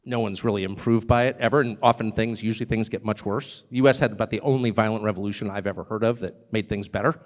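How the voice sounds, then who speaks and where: A middle-aged American man giving a live speech to an audience, emphatic, swinging between loud punchy lines and quiet low asides. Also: steady tone, fast talker, few pauses. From United States. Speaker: speaker addressing an audience. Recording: long hall reverb.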